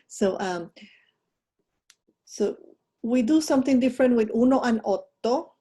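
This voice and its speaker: A woman's voice: fairly high pitch, expressive, unhurried, warm tone, breathy edge. A woman teaching a recorded online lesson, talking through her slides with chatty asides. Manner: talks through a screen while fumbling with her mouse, chatty asides. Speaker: language teacher.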